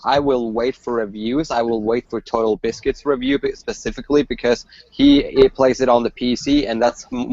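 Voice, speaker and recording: A man's voice: medium pitch, steady tone, normal speed, few pauses, a little mellow, muffled recording, a little hiss or hum. A man co-hosting a casual gaming podcast, talking emphatically, repeating himself and laughing often. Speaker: podcast co-host.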